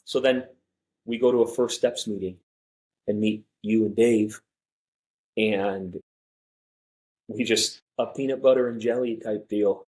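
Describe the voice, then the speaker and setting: Young guy on a podcast, low husky voice, says "like" a lot, animated storytelling. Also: measured pace, long pauses, rough recording. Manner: animated, many fillers like "like". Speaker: podcast guest. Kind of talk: casual storytelling.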